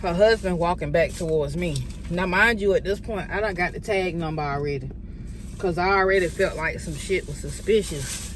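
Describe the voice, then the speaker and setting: A woman telling a story to her viewers, retelling a confrontation in an animated, profane way with heated quoted dialogue. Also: on the low side, slight background noise. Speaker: vlogger. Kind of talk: storytime vlog.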